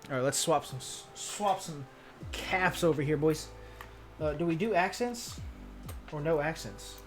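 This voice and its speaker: A young man chatting casually on a livestream while building a keyboard, answering viewers in laid-back, slangy banter full of swearing. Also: fairly high pitch.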